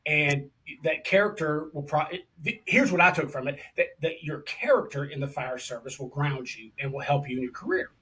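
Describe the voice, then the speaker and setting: An enthusiastic male podcast host, talking in a loose, casual way and calling his guest brother. His voice sits a bit higher than most men's. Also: animated, normal speed, hardly any pauses, pushed and bright. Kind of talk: casual interview chat.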